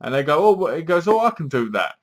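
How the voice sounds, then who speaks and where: A man's voice: on the high side, very animated, quick pace. A man giving a casual, rambling film review and acting out the characters' lines as he retells the plot.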